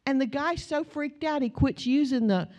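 A woman's voice: high voice, moderate pace, a little mellow. A middle-aged American woman preaching a sermon, telling stories in a conversational way and building to emphatic, repeated declarations. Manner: storytelling, conversational, rising to emphatic repetition.

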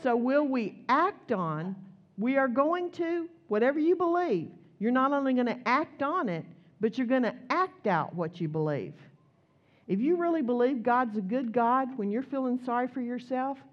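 Brief: woman preacher, high-ish voice, chatty animated sermon, dull lo-fi recording. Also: normal speed. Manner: conversational, animated storytelling with acted quotes.

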